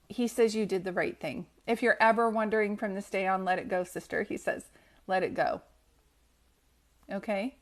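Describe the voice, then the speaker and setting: A woman doing a live reading as a psychic medium, talking in a gentle, reassuring way with frequent pauses and fillers. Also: medium pitch.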